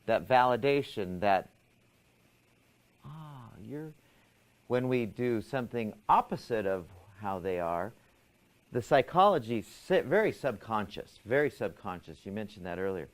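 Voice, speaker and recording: A man's voice: fairly low pitch, big pitch swings, moderate pace. A man teaching a class, asking students questions and explaining ideas step by step. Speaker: instructor.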